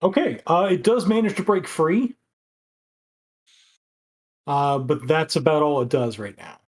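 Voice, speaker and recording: This is a game master narrating and ruling in a tabletop game. The pace is halting and full of fillers, and the tone stays calm. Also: medium pitch.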